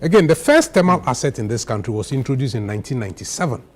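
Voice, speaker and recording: A man's voice: medium pitch, very animated, very fast. A Ghanaian man with a Ghanaian accent, an engineer on a TV debate panel, pressing his points insistently and talking over others. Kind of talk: political debate.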